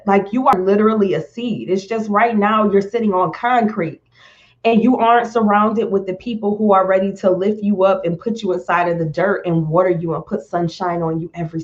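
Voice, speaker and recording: A woman talking slowly and with feeling on a live stream, close to tears at times and repeating words as she reaches for them. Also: medium pitch, highs cut off. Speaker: motivational speaker on a live stream. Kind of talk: heartfelt live-stream talk.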